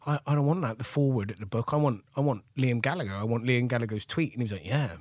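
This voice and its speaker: A man in his forties from England, an animated chef rambling through stories as a podcast guest, with lots of fillers and laughs. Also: mid-range voice, rapid-fire, dry recording, studio quality. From Gloucester, England. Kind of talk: casual storytelling chat.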